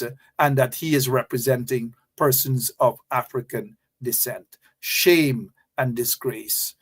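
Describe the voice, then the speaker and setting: A man hosting a political commentary show, reading out a news item and then railing against it with indignant, mocking repetition. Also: mid-range voice.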